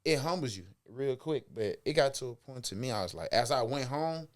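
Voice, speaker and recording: Speaking briskly in a mid-range voice, a Texan ex-football player shares stories on a podcast as a guest. He's relaxed and slangy, an animated storyteller keeping the chat casual.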